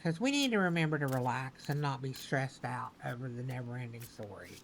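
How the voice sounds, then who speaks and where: A woman giving a spoken tarot reading, repeating her phrases slowly and with emphasis. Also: extremely low pitch, expressive, slight background noise, low-quality recording. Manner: slow, repetitive, affirming phrasing. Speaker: tarot reader.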